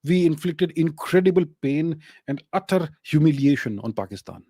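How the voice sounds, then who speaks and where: A man's voice: a little high, animated, moderate pace, warm tone, husky, no room sound, clean studio sound. A man with an Indian English accent, hosting a solo commentary show and answering viewer questions, emphatic and full of rhetorical questions.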